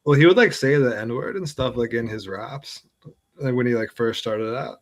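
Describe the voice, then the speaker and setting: A man's voice: mid-range voice, moderate pace, crowd noise. Young man telling stories with lots of fillers. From New York. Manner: relaxed, filler-heavy storytelling. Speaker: guest writer. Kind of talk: casual podcast chat.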